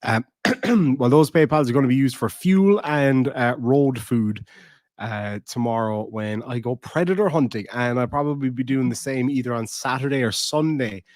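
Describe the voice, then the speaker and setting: A man's voice: medium pitch, normal speed, a little mellow, no echo, studio quality. A man with an Irish accent hosting a casual livestream, reading donations and chatting loosely, swearing freely and cooing baby talk at his dog. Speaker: channel host.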